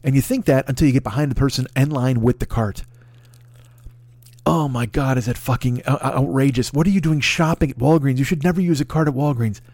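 A man telling a rambling comic story, profane and animated, acting out other people's voices. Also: mid-range voice, fairly quick, no room sound. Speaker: comedy podcast host.

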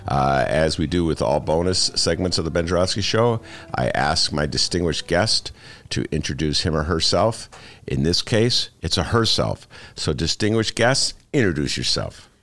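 A man hosting a podcast interview, talking in a loose, animated, rambling way with jokey asides. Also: very deep voice, normal speed. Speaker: podcast host. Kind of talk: casual interview chat.

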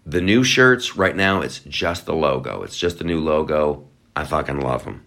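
A deep-voiced man talking through his own podcast in loose, rambling chat. His pitch swings widely as he drifts into sarcastic, playful asides. A guitar is heard faintly behind him. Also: expressive, moderate pace, gravelly, a bit bright. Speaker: podcast host. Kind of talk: casual solo podcast talk.

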